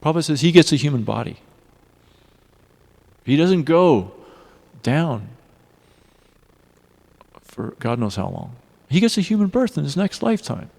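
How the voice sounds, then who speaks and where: A man giving a devotional class in a temple hall, telling personal stories in an earnest, animated way. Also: on the high side, measured pace, gravelly, long pauses, slightly rough. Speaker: class speaker. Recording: long reverb of a hall.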